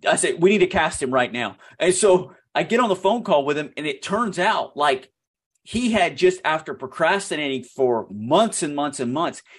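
A man, a filmmaker guest on a radio show, telling his story in an animated, excitable way that often jumps up in pitch. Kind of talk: storytelling interview.

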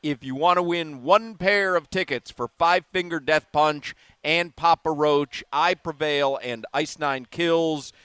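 A man's voice: fairly high pitch, unhurried, hardly any pauses, fairly bright tone, smooth, no echo. A man hosting a live talk radio show, chatting in a rambling, self-amused way from a remote broadcast. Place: bar or restaurant remote broadcast.

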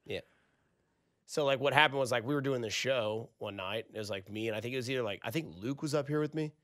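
A man's voice: mid-range voice, fast, a bit bright, no room sound. A man hosting a casual late-night sports radio show from a studio, talking in a rambling, conversational way and correcting himself as he goes.

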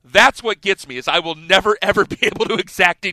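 A man in his thirties hosting sports radio, telling a story in a casual, animated way and acting out the scenes. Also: sits high, brisk, no room sound. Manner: animated, laughing storyteller who acts out scenes.

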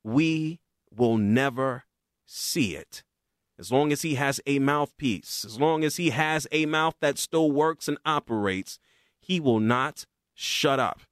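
High-voiced man ranting about sports. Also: measured pace, clean tone, no room sound, studio quality. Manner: animated, sarcastic ranting. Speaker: sports show host. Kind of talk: opinionated sports commentary.

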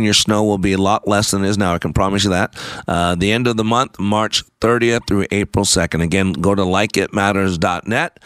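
A man's voice: fairly low pitch, a bit bright, dry recording. A man hosting a radio show, talking in an emphatic, repetitive, sermon-like way. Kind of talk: preachy talk radio monologue.

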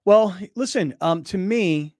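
A man's voice: high voice, slow pace, darkish tone, dry recording, clean studio sound. A man hosting a sports talk show, talking emphatically and with sarcasm.

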